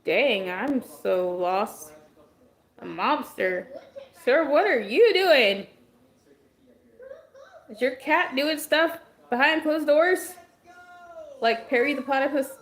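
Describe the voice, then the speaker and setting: A woman with a high-pitched voice and vocal fry hosts a casual livestream, chatting directly with viewers and answering their comments on the fly. Her voice is going after a long period of talking.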